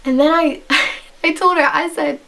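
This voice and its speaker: A woman's voice: high-pitched, fairly even intonation, measured pace, creaky, noisy background. A young woman vlogger telling a rambling story in casual chat, saying "like" constantly. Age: young adult. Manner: chatty, rambling, heavy use of "like". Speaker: beauty vlogger.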